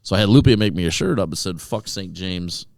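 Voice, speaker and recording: Low-voiced man telling a profane story. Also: fairly quick, creaky, no echo, clean studio sound. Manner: profane, lively anecdote-telling. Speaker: podcast co-host. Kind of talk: casual storytelling chat.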